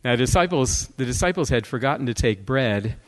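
A male guest speaker preaching a sermon with humor, joking and conversational, telling animated stories. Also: medium pitch, brisk.

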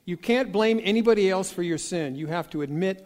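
A man's voice: fairly high pitch, a little fast, hardly any pauses, darkish tone, in a large hall. A man preaching a sermon, telling folksy joke stories and acting out the dialogue with animation. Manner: folksy storytelling with jokes.

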